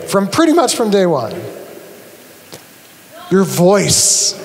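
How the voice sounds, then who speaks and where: A man giving a live conference talk to an audience, animated and humorous, acting out his examples as he explains. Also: high voice. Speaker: conference speaker. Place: large auditorium. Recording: long reverb of a large hall.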